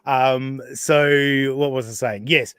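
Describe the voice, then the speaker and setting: A man's voice: medium pitch, steady tone, slow pace, fairly bright tone, clean tone, no echo, studio quality. An Australian man hosting a podcast, chatting casually with sarcastic asides, frequent laughs and swearing. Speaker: podcast host. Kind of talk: casual chat.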